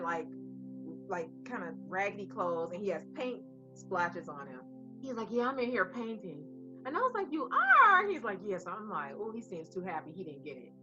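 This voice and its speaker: A woman co-hosting a casual chat, telling a story in an animated way and acting out the voices of the people in it. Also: mid-range voice. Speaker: co-host. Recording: slightly muffled recording.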